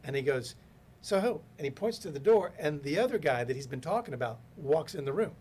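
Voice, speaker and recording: A man's voice: on the high side, quick pace, slightly rough. A man telling business stories in a casual podcast interview, acting out the people he quotes. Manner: animated storyteller acting out quoted voices. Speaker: podcast guest, business consultant.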